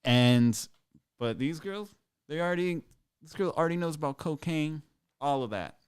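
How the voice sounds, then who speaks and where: A man's voice: fairly high pitch, animated, moderate pace, clear, resonant tone, dry recording, clean studio sound. A man in his thirties telling a rambling, crude story on a live stream, casual and self-amused. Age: 30s.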